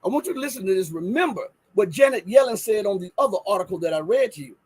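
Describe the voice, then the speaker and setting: A man's voice: high voice, animated, fast talker, darkish tone, husky, dry recording, poor audio. A man hosting a live news commentary show, emphatic and full of rhetorical questions, thinking aloud as he pulls up and reads articles. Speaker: host.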